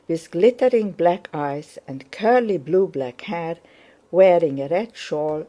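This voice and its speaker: A woman narrating a classic novel in a measured, even reading. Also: deep voice. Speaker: audiobook narrator.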